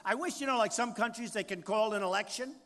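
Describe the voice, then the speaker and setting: A man's voice: sits high, fast talker, fairly bright tone. A man in his sixties giving a campaign rally speech, boastful and repetitive, riffing off the crowd. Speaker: political candidate. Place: large rally venue. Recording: long hall reverb, faint crowd noise.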